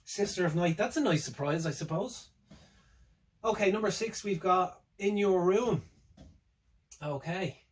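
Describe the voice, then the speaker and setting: Rambling man with a slightly high voice. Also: measured pace, pauses often, low-quality recording. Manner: rambling and hesitant, with many fillers and restarts; wry, laughs to himself. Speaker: music fan reviewing a tour setlist. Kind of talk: casual solo reaction vlog.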